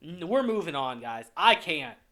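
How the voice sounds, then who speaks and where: A young man who reviews anime on his own channel rants heatedly while reacting to a list, exasperated and profane. His fairly high voice is sing-song, bright, and forceful, at a moderate pace.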